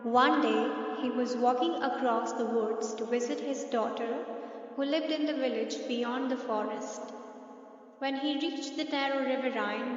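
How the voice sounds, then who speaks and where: Slow, high-voiced woman telling a bedtime story. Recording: echoey hall, distant dull mic.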